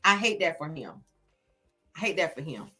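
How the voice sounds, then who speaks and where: A woman in her thirties giving blunt, animated celebrity news commentary straight to her viewers and swearing freely. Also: low voice, moderate pace, breathy edge, faint music behind.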